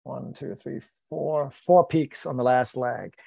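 A man's voice: medium pitch, takes it slowly, gravelly, breathy edge, no room sound. A man, a podcast guest, telling a story in casual chat, acting out quoted lines with self-deprecating humor. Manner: lively, acts out quoted dialogue, self-deprecating.

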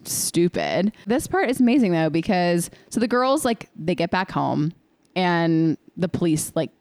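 A woman's voice: fairly low pitch, big pitch swings, a little slow, darkish tone, no room sound. A young woman co-hosting a podcast, chatting casually through a movie recap, saying "like" constantly and swearing freely. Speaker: podcast co-host.

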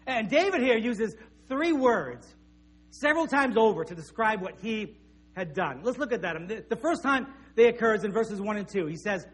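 A man's voice: sits high, lively intonation, normal speed, fairly bright tone, slightly rough. A middle-aged man, preaching a sermon in a conversational storytelling manner with frequent restarts. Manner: conversational, anecdotal, with repeated restarts. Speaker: pastor.

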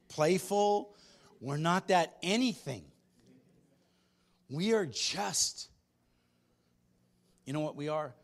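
Man, pastor, sermon, animated storytelling, slightly high voice, loud and soft swings. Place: church sanctuary.

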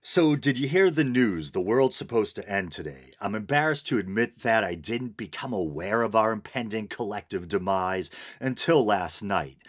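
Deep-voiced male solo podcaster, dry sarcastic commentary. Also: expressive, normal speed, hardly any pauses. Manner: sarcastic, wry. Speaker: podcast host.

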